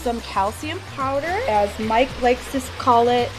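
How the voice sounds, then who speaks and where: Woman doing feeding time for her reptiles, playful and laughy, a bit higher voice, music playing. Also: unhurried, rough recording. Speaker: reptile keeper. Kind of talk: casual vlog, walking viewers through feeding. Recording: background music under voice.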